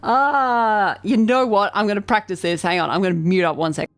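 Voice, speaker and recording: A woman streaming a game live, chatting excitably and reading the game's narration aloud. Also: mid-range voice, moderate pace, no echo. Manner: excitable, chatty, self-deprecating. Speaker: vtuber streamer.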